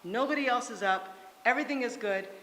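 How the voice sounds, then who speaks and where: A woman's voice: on the high side, a little fast. Encouraging woman coaching a choir. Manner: lively, encouraging, demonstrates exercises by singing. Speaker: choir director. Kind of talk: vocal warm-up coaching. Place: church hall. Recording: echoey church room, long reverb, loud instruments.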